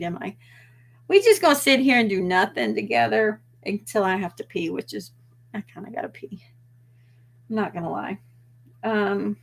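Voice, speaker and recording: A woman's voice: a little high, a bit bright. A woman, chatting casually and rambling on a live stream. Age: 40s. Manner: rambling and chatty, trailing off mid-thought. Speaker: vlogger hosting a live stream.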